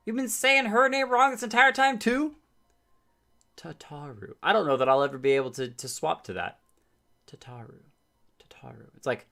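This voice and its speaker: A man's voice: fairly high pitch, moderate pace, gravelly, pauses often, sharp tone. A man giving chatty, playful commentary over a game he is playing. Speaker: game streamer. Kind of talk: let's play commentary. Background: game music.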